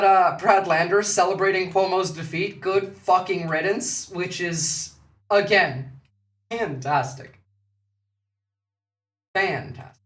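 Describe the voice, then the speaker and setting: Sarcastic, profane streamer in a roomy space. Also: male voice, sits high, a bit bright, distant mic. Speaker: political commentary streamer. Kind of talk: casual live-stream commentary.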